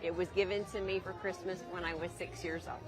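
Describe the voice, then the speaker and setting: A woman's voice: lowish voice, flat delivery, a little fast. A woman with a Southern American accent, a collector guest talking enthusiastically and emphatically in a live TV interview. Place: indoor collectibles show. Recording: event music and crowd behind.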